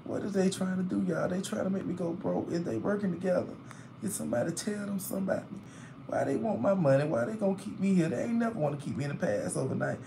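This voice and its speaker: A man's voice: sits high, lively intonation, fast, creaky, background noise. A tired man, live streaming from a hospital room, reading viewers' comments and venting about the bills. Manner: chatty, vents and complains loudly about hospital bills. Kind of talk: casual live stream chat.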